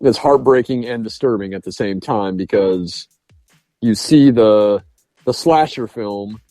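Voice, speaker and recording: A man's voice: lowish voice, warm tone, dry recording. A man co-hosting a podcast, chatting casually about a movie and acting out its lines with laughs. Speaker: podcast co-host. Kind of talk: casual film review chat.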